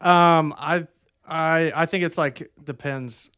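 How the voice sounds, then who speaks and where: A man's voice: fairly high pitch, fairly even intonation, slow, pushed and bright, clean tone. A young man co-hosting a podcast, telling stories in a rambling way with lots of hesitant fillers. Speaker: podcast co-host. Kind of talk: casual chat.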